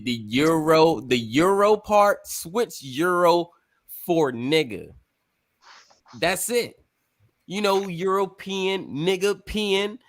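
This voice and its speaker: Slow-talking man hosting a chat. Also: high voice. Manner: rambling, emphatic, swears freely. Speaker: podcast host. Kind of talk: casual chat.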